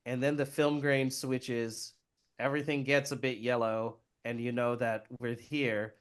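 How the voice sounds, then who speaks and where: A man co-hosting a podcast walks through a film's scenes one step at a time. His voice is smooth and clean, and his pitch sits right in the middle of the range. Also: level tone, a little slow. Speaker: podcast co-host. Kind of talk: casual film recap.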